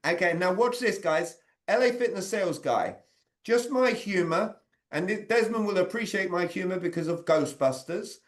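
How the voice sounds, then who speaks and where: A man leading an interactive online training talk on sales communication, quizzing his audience by name over a video call. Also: fairly high pitch.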